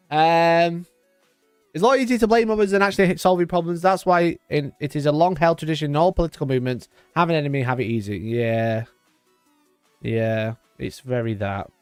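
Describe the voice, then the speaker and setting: A man's voice: on the high side, normal speed, pauses often, smooth, dry recording, faint music behind. A man in his twenties hosting a live stream, chatting in a rambling, sweary way and laughing often. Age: 20s. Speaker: livestream host. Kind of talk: casual live-stream chat.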